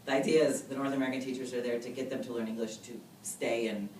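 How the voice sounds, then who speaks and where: A woman in her thirties being interviewed about her research, talking casually and quickly, full of fillers and acted-out quotes. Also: extremely low pitch, steady tone, a little mellow. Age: 30s. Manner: chatty, fast, full of fillers and quoted dialogue. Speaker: researcher guest. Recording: roomy audio, mic a bit distant, faint noise.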